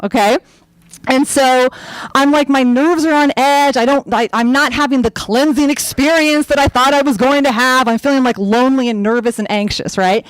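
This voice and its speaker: A young woman telling a personal story on stage in a chatty, animated way, full of fillers and acted-out quotes. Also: high-pitched, moderate pace, clean tone, no room sound, low-quality recording. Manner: acts out her own quoted lines.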